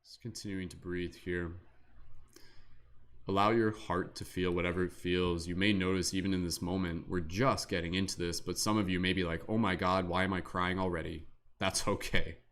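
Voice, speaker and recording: A man with a very low, deep voice guides listeners through a meditation. He speaks slowly and softly, easing them along with breathing cues. His delivery is calm and unhurried. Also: a little hiss or hum. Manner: slow, soft and soothing, with gentle breathing cues. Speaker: host leading a guided meditation.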